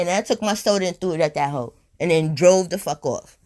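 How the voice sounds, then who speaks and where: A woman telling a storytime on her vlog in a blunt, profane, animated way, a little high and tipsy. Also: quick pace. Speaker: storytime vlogger. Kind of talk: casual storytime monologue.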